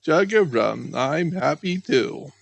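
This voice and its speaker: Man doing an old wise frog, gruff, slow drawl, storybook, dry close sound. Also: fairly high pitch, animated, no echo, heavily acted. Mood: content.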